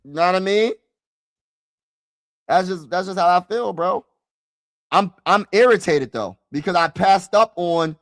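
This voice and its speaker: A man with a fairly high voice hosts a casual sports live stream and talks through a mock draft with his viewers. He repeats himself, calls them "bro" and "y'all", and swings from loud frustration to low mutters. The sound is dry and close to the mic. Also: no echo.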